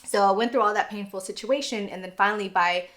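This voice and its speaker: A woman's voice: mid-range voice, steady tone, fast, fairly bright tone. A woman co-hosting a podcast, telling a personal story in a subdued, earnest casual way. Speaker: podcast co-host.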